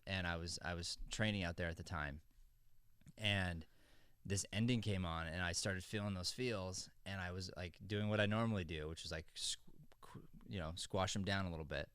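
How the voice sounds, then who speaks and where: A man's voice: low voice, normal speed, fairly bright tone, smooth, no room sound. A middle-aged man hosting an acting podcast, talking in an earnest, rambling way with frequent restarts. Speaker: acting coach and podcast host. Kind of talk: casual podcast chat.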